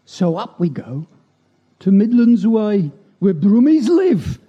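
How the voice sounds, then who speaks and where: A man with a high, sing-song voice, warm and slightly rough, slowly recites a funny rhyming poem at a church gathering. Between verses he makes chatty, self-deprecating remarks, and the recording is dull and lo-fi.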